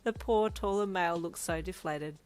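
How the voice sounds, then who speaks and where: A woman reading a second-person fan story aloud with lively, expressive narration. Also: lowish voice, moderate pace, slight background noise, poor audio. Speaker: fanfic narrator.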